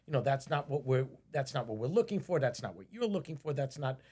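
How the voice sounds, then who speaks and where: A man's voice: mid-range voice, very animated, brisk, warm tone. A man hosting a casual podcast conversation, talking emphatically and often repeating phrases and restarting his sentences. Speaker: podcast host.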